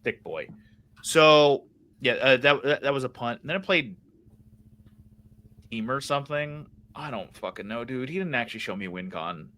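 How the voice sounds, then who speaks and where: A man's voice: mid-range voice, normal speed, fairly bright tone. A young man co-hosting a podcast, ranting heatedly and swearing a lot in casual chat. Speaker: podcast co-host.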